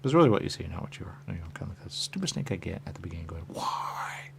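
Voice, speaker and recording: A low, gravelly man rambles in a very animated, very fast way. He's a radio talk host giving a stream-of-consciousness monologue, repeating "there you go" endlessly and drifting into whispers.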